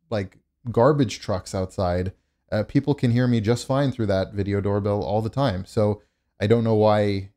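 Mellow-voiced man telling a rant. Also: fairly low pitch. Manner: rambling, indignant, asks rhetorical questions. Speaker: host. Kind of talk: casual storytelling monologue.

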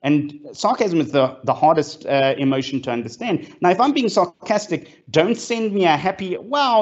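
Heard through lo-fi video-call audio, this man from South Africa has a fairly high, slightly mellow voice. Appearing as a fireside-chat guest speaker, he comes across as enthusiastic, with lots of fillers and false starts.

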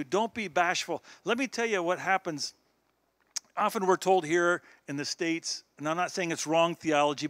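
A man's voice: a little high, fairly bright tone, no echo. A man of sixty giving an earnest, exhorting sermon to a church youth group. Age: 60s. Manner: earnest, exhorting, chuckles between points. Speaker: guest speaker.

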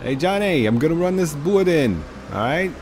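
A man's voice: on the high side, sing-song, normal speed, a little mellow, slight background noise, pitched above the performer's own voice. A man putting on a brash Boston-style accent for a pushy working guy. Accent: put-on Boston accent.

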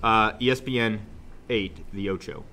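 A young man teaching a math class, joking with students and suddenly yelling for effect, recorded in a classroom. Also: fairly low pitch, moderate pace, background noise. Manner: joking, animated, shouts suddenly. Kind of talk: classroom lesson.

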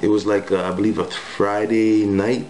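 A man's voice: fairly low pitch, flat delivery, normal speed, darkish tone, a little hiss or hum, low-quality recording. A young man casually telling a spiritual testimony story in slangy speech, acting out the quoted lines. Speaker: guest giving testimony.

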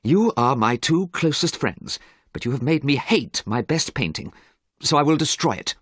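A man voices an earnest, wounded painter in a storybook, speaking above his usual pitch. The delivery is firm and stern, slightly husky and dry. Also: animated, normal speed, a bit bright, no echo. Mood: hurt. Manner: earnest, stern when angry. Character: earnest, hurt male portrait painter.

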